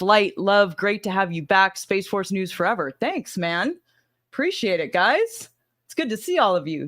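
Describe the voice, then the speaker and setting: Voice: mid-range voice, fairly bright tone, no room sound, clean studio sound. A livestream host with a slight Southern US accent, chatting casually and rambling while greeting viewers by name. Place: home in Arizona.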